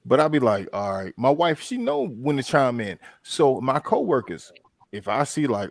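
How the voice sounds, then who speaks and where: A man, hosting a casual podcast chat and telling a lively story, acting out the quotes. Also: fairly quick, no echo. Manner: animated storytelling, acts out quotes with big pitch jumps. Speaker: podcast host.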